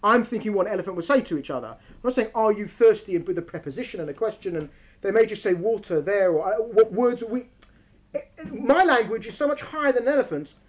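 A woman leading a lively discussion with an audience, animated and quick to talk over interruptions. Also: medium pitch. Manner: animated, talks over interruptions, mimics voices for fun. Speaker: speaker leading a group discussion.

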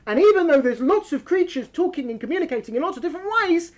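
A woman leads a lively group discussion, holding the floor and brushing interruptions aside. Her voice sits high and swings widely as she argues her points to the room. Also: quick pace. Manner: animated, talks over interruptions, mimics voices for fun. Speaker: speaker leading a group discussion. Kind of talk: lively talk to an audience with questions.

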